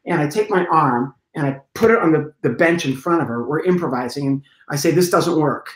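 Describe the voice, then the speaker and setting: Middle-aged male comic, lively raconteur, acts out the scenes, roomy echo on the track. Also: fairly high pitch, fairly quick. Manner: lively storyteller, acts out scenes and sound effects. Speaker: guest comedian. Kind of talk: storytelling in a conversation.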